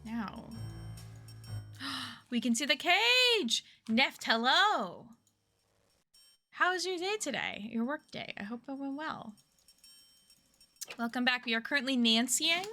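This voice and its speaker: Woman streamer, high bright voice that swings up and down, unhurried casual chat over faint music. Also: expressive. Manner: chatty, reads chat aloud, gasps and laughs often.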